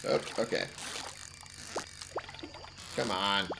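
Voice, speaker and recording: A man giving casual gameplay commentary, muttering to himself and cursing loudly at the game. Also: lowish voice, extremely slow, gravelly, noisy background. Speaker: let's play gamer.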